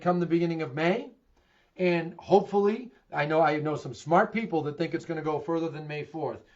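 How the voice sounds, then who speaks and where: A man's voice: on the high side, a little mellow. A middle-aged man with a Boston accent gives a candid real estate market update, asking himself questions and answering them emphatically. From Massachusetts. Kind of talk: direct-to-camera market commentary. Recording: dull lo-fi recording.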